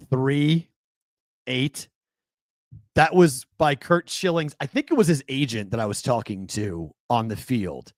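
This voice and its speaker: A man hosting a sports talk show, telling stories in an animated, excitable way, full of fillers and restarts. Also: mid-range voice, no room sound. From New England. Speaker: sports talk radio host. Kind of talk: casual sports talk storytelling.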